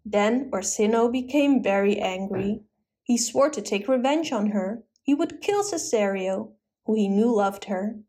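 A woman telling a classic story as a steady, clear storybook narration. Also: mid-range voice, a little slow.

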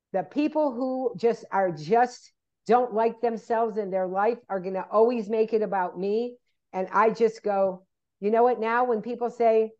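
A woman's voice: on the high side, dull audio. A woman in casual chat, telling stories and acting out what people said to her. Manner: animated storyteller, acts out quoted people.

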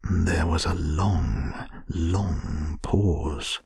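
Man whispering a bedtime story, gravelly. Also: rumbling low, extremely slow. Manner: soft, soothing whisper.

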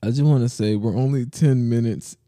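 A man's voice: medium pitch, fairly quick, dark tone, no echo, studio quality. A young man co-hosting a podcast in laid-back, slangy casual chat, easily amused. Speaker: podcast co-host.

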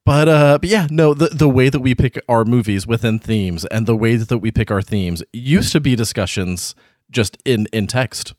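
A man's voice: medium pitch, normal speed, a little mellow, dry recording, studio quality. A man co-hosting a podcast, chatty and self-deprecating as he steers toward wrapping up. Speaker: co-host. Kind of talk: casual podcast banter.

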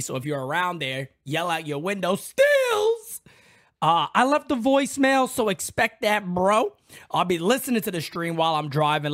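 A young man hosts a live reaction stream with loud, excitable energy. His pitch leaps up and down as he shouts out names from his chat.

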